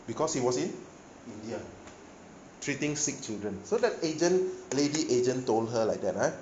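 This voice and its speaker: A man's voice: medium pitch, very animated, moderate pace, a little mellow, muffled recording, slight background noise. A male pastor giving a sermon, telling a story with animation and often checking in with his listeners. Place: church hall. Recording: echoey hall, faint ambience.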